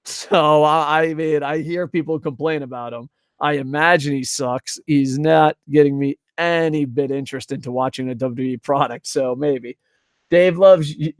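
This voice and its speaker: A young man rambles through a wrestling review on a live stream, swearing freely and answering chat as he goes. His voice sits a little high. He is close on a desk microphone in a dry room. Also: no echo. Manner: rambling, profane, reads chat aloud. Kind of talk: casual live-stream commentary.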